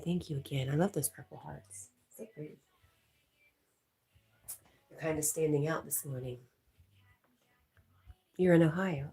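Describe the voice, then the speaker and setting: A woman's voice: fairly low pitch, mellow, breathy edge. A woman hosting a casual livestream, chatting and reading viewer comments aloud with frequent laughs. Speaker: livestream host reading chat. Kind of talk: casual live chat.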